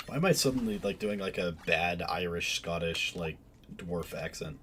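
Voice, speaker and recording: A man's voice: low voice, brisk, a little hiss or hum. A man streaming a game, chatting casually in a rambling way, often stopping and restarting his sentences. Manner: rambling, self-interrupting, many fillers. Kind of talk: casual stream chat while gaming.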